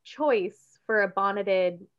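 A woman's voice: mid-range voice, takes it slowly, highs cut off. A woman guesting on a comedy podcast, laid-back and hedging her words with fillers. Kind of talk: casual comedy podcast chat.

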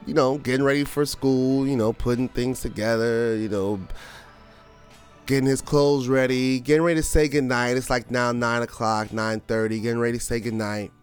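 A man's voice: mid-range voice, clear, resonant tone. A man hosting a podcast, telling a family story in a chatty, casual way with lots of fillers. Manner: animated and chatty, full of fillers. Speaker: podcast host.

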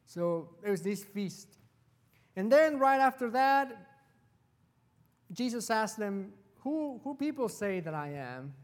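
A man preaching a sermon as pastor, telling the story with animated delivery and acting out the quoted lines. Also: high-pitched, takes it slowly, long pauses, long reverb tail. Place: church sanctuary.

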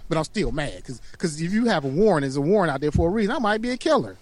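A man telling a profane, animated story on a casual podcast chat. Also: fairly high pitch, very fast, no room sound. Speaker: podcast co-host.

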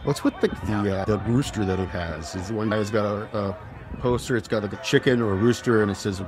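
Man, podcast host, casual news commentary, profane, exasperated, lowish voice. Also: fairly quick.

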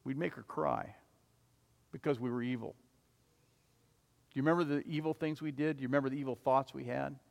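A male preacher voicing a devout sister pleading with her dying brother, urgent and swelling loud. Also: medium pitch, fairly even intonation, brisk, vocal fry, long pauses, big-room sound, natural voice. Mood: earnest.

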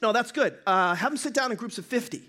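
A calm male teacher figure, voiced by a preacher, gives short, matter-of-fact instructions. The voice is high and bright. He stays even and unhurried. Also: heavily acted.

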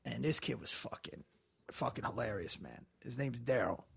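A man, a comedian, telling animated stories in casual chat and acting out the people in them. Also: medium pitch, moderate pace, creaky, breathy edge. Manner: animated, acts out voices in anecdotes.

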